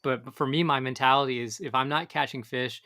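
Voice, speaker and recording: A man's voice: medium pitch, fairly even intonation, a little fast, sharp tone. A man, co-hosting a casual fishing podcast and talking in a rambling way with many restarts. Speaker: podcast co-host. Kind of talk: casual chat.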